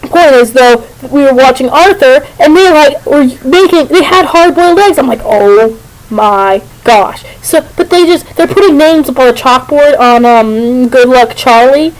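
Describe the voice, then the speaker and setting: Young woman rambling on and on at her webcam, giggly, slightly high voice. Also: normal speed, few pauses, rough recording. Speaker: vlogger. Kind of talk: casual rambling chat to camera. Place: at home. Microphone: camera on a computer.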